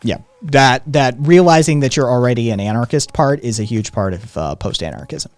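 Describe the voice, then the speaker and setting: An American streamer hosts a live stream, chatting casually and rambling with plenty of ums and frequent swearing. His medium-pitched voice is expressive and fairly quick, recorded with no echo and soft music in the background.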